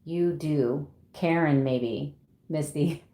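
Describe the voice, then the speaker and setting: A woman's voice: sits low, takes it slowly, mellow. Chatty woman in her 50s, echoey room. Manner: chatty, laughs often, reads out viewer names. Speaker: keto vlogger. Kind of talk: casual livestream chat with viewers. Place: home room.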